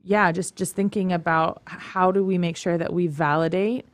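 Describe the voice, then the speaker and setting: A woman's voice: on the low side, fairly even intonation, moderate pace, no echo. A woman guest on a talk show, speaking about the topic in an earnest, reflective way. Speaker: guest from a youth commission. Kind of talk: casual talk show chat.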